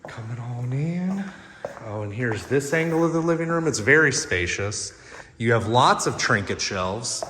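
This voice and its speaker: A man strolls through a house and yard with a handheld camera, narrating at a slow, easy pace. He sounds a little out of breath and keeps up a chatty, joking running commentary. A faint hiss of background noise sits under his voice. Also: mid-range voice, lively intonation, pushed and bright. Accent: Texan. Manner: chatty and jokey, points things out in quick lists. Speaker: real estate agent giving a home tour. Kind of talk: casual walkthrough narration while filming. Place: inside a house and its backyard. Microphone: handheld camera he is carrying.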